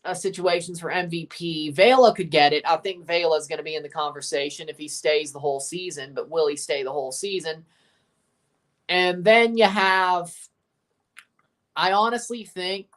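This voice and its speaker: A man's voice: high-pitched, a bit bright. A man from Mississippi with a Southern accent, hosting a casual livestream and chatting with viewers in an opinionated, rambling way. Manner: chatty, opinionated, rambling, answers chat messages. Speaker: livestream host. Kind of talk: casual livestream watchalong commentary, reading chat.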